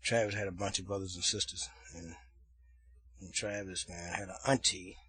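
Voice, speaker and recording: A man's voice: low-pitched, steady tone, normal speed, sharp tone, breathy edge, dry recording. A man telling a story in a casual, rambling way, peppering his talk with filler asides.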